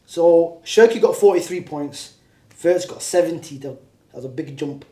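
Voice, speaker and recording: A man's voice: on the high side, measured pace, warm tone. A man hosting a football podcast, reading out poll results and keeping his co-hosts in line. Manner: bossy, reins in the others. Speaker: podcast host. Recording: roomy echo.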